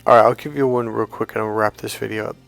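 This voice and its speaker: A man coaching on dating in a blunt, profane monologue, telling animated stories. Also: lowish voice, fast talker, vocal fry, faint music behind. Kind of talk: monologue to camera.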